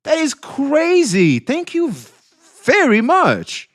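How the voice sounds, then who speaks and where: A young adult man streaming live, talking casually to his chat, swearing freely, swinging between excitement and quiet emotion. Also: very high-pitched, takes it slowly. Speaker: livestreamer.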